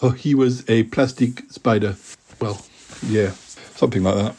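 A man's voice: mid-range voice, fairly even intonation, normal speed, warm tone, a little hiss or hum. A middle-aged man hosting a podcast, chatting hesitantly with many fillers and reading his own poems aloud. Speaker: podcast host and poet. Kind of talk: casual chat and poetry reading.

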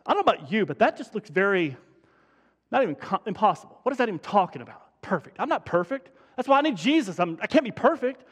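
High-voiced pastor preaching in a church hall. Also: male voice, very animated, quick pace, a bit bright, breathy edge. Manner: fervent, building to urgent emphasis; frequent restarts and stumbles. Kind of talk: sermon. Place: church sanctuary. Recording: long hall reverb in a church.

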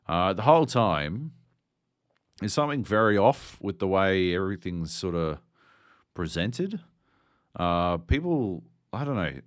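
A man's voice: deep voice, big pitch swings, a little slow, pauses often, dry recording, clean studio sound. A man co-hosting a podcast, ranting sardonically and swearing constantly in casual chat. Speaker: podcast co-host.

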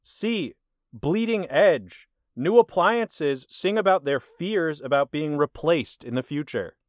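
A man hosting a casual movie quiz. He reads the answer options deliberately and teases his guest. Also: a little high, lively intonation, no room sound, studio quality. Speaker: quiz host. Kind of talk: casual podcast chat.

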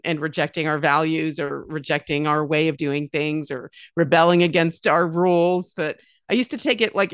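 A woman's voice: deep voice, no echo, clean studio sound. A woman in her fifties, a mother with grown children, telling stories in casual conversation, often acting out what others said. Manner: warm storyteller, lively quoted voices, many restarts. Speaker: podcast guest.

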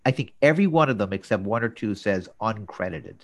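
A man hosting a casual talk show, recapping scenes and jumping into quoted lines with an animated delivery. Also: brisk. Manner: animated, jumps up in pitch for quoted characters. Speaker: podcast host.

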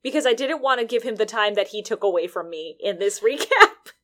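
A woman's voice: mid-range voice, animated, brisk, fairly bright tone. A woman co-hosting a casual podcast, making dry, wry complaints about a video game and laughing easily. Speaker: podcast co-host. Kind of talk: casual game-review chat.

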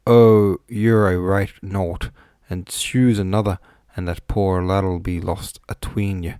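A man's voice: deep voice, fairly even intonation, clear, resonant tone, no room sound, studio quality. A man voicing a scolding old servant. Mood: scolding, indignant. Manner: scolding, slow and loud. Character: grumbling pious old male servant.

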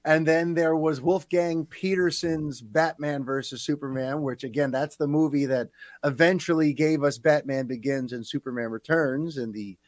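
A man's voice: a little high, moderate pace, no echo. A man hosting a podcast, talking casually and animatedly with plenty of fillers. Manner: animated, chatty, lots of fillers. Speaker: podcast host.

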